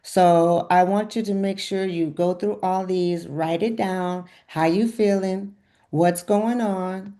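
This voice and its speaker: Slow, gushing woman health coach. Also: on the low side, steady tone, warm tone. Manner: effusive, repeats praise. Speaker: health coach leading a group check-in. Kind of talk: encouraging coaching session.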